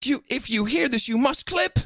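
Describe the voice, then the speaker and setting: A man co-hosting a podcast, bantering and teasing in an animated way with frequent laughs. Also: extremely high pitch, moderate pace, dry recording, studio quality. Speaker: podcast co-host. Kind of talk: casual banter.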